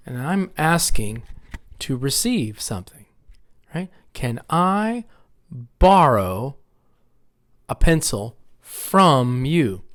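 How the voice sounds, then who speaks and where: American guy teaching esl grammar, slightly high voice, patient and repetitive. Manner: patient, repeats phrases for students to echo. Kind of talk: classroom grammar lesson.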